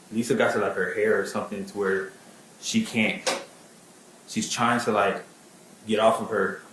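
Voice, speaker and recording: Man, witness testimony, halting with fillers, flat low voice, echoey room. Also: slight background noise. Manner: halting, many fillers and restarts. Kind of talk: testimony and recounting.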